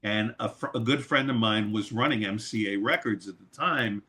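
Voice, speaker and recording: A man's voice: on the low side, moderate pace. A man from New York, a record producer and mixer, telling a long story as an interview guest, swearing freely. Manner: animated, swears freely, laughs mid-story.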